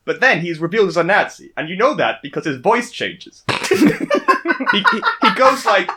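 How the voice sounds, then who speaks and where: A man's voice: high voice, big pitch swings, normal speed, noisy background. A man co-hosting a casual book-discussion podcast, telling jokes dryly.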